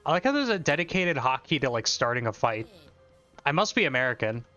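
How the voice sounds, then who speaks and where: A young man rambling casually through his gameplay stream, his voice smooth and clear. The mic sound is a touch dull, with faint music playing underneath. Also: mid-range voice, very animated, a little fast, pushed and bright.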